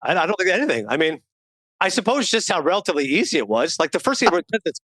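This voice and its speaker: Rapid, high-voiced man telling stories. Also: no room sound. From Canada. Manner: animated, rapid anecdotal storyteller. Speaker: podcast guest, author. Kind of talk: casual storytelling chat.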